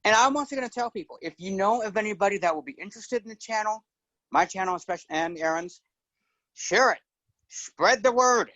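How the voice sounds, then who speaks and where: Middle-aged man, casual guest storyteller, slightly high voice, dry close sound. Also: fast talker, dry recording, lo-fi sound. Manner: relaxed storyteller who slips into character voices. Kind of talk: casual chat.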